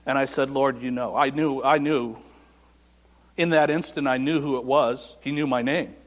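A male pastor telling a personal story in a sermon, moving between quiet reflection and emphatic moments. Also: mid-range voice, steady tone, normal speed, long reverb tail.

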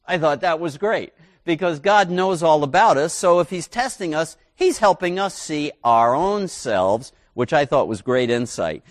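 A man's voice: on the high side, expressive, a little slow, dry recording, studio quality. A middle-aged male pastor preaching a sermon in a folksy, conversational way with asides to the congregation.

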